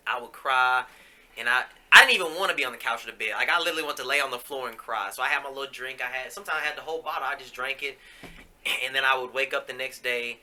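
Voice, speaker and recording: Bright-voiced man telling a raw story. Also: mid-range voice, quick pace. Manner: casual, profane, confessional, many fillers. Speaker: podcast host. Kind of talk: candid personal storytelling.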